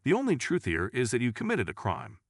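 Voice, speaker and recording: A man's voice: mid-range voice, huge pitch swings, fairly quick, no room sound, clean studio sound. A man voicing an impatient, scornful male prosecutor who speaks sharply. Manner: sneering, sharp.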